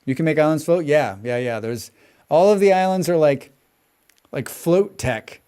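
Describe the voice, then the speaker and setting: A young man talks to his viewers while streaming a game live, his voice sitting a little higher than most men's. He rambles in a casual way, curses freely, and slides easily into animated rants about whatever comes up in chat. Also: normal speed, clean tone.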